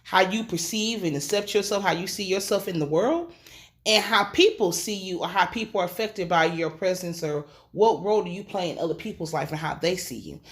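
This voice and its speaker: A woman's voice: on the low side, a little fast. A woman recapping a TV episode in a casual, slangy way, swearing freely and acting out the characters' lines. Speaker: TV episode reviewer.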